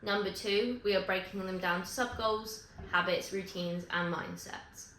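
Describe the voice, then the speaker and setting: A woman's voice: mid-range voice, fairly even intonation, fairly bright tone, a little hiss or hum. Chatty woman vlogging in an echoey room. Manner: chatty, rambling, self-correcting with quick asides. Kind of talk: casual chat to camera. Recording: echoey room with faint ambience.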